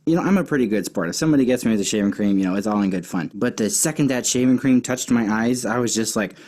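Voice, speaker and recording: A man's voice: lowish voice, quick pace, darkish tone. A man teaching a children's Bible lesson as a casual story, chatty and full of fillers and restarts.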